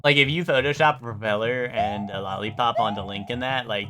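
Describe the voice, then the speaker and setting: A man streaming a video game, chatting casually and rambling with chat, swearing and often jumping up in pitch when excited. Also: fairly quick, few pauses, faint music behind.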